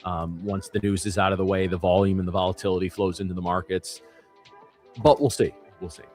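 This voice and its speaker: Rustige, lage mannenstem met grapjes. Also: male voice, low-pitched, steady tone, a little fast, a little mellow, faint music behind. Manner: rambling, joking anecdotes with restarts. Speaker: stream host and trader. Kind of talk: casual chat on a live stream.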